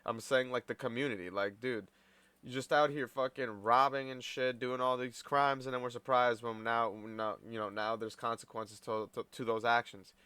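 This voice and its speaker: A man's voice: medium pitch, flat delivery, moderate pace, sharp tone, clear, resonant tone, dry recording. A man streaming a reaction video, talking bluntly and swearing a lot, calling people dude and bro. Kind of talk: profane reaction commentary.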